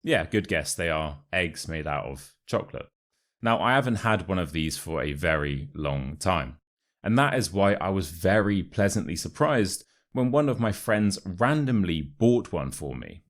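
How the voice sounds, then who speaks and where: A man with a modern RP British accent teaching English expressions, repeating phrases slowly and clearly to show how they sound, with light, playful asides. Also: deep voice, animated. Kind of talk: teaching with pronunciation drills.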